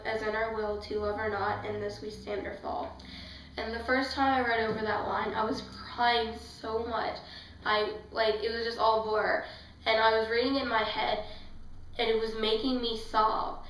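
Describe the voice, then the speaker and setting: A woman's voice: a little high, fairly bright tone, roomy sound, distant mic, a little hiss or hum, poor audio. A woman reviewing a book in a casual vlog, gushing and emotional, rambling with fillers. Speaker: book vlogger.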